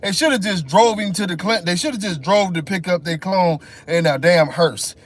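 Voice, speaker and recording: A man's voice: high voice, moderate pace. A man hosting a live stream, ranting in a profane, mocking way. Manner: profane, mocking, animated rant. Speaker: livestream host.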